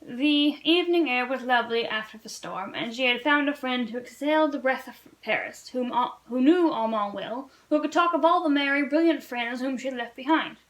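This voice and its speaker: A woman reads a classic novel aloud for a book-club read-along, her voice pitched high. She narrates earnestly, now and then tripping and restarting a word. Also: moderate pace, few pauses, fairly bright tone, low-quality recording. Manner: earnest storybook narration, occasional slips and restarts.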